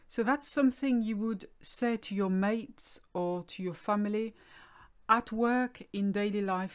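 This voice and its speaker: A French woman explaining grammar as a language teacher, speaking clearly and repeating examples slowly. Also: mid-range voice, darkish tone. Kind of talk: online language lesson.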